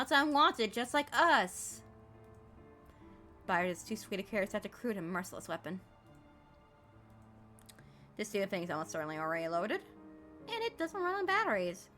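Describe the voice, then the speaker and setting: Playfully teasing the game dialogue she reads aloud, this woman streamer sounds bright and crisp in her mid-range voice. Her delivery is animated, leaping across her range, with soft game music in the background.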